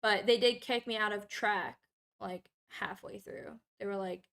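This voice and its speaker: A young adult woman streamer telling a long personal story in casual, profane, animated chat. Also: mid-range voice, normal speed, vocal fry.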